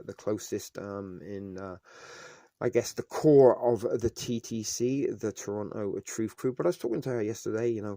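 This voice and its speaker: A man's voice: low-pitched, a little mellow, dry recording. A middle-aged man, chatting loosely and jokily on his live stream, full of fillers and tangents. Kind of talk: casual live stream chat.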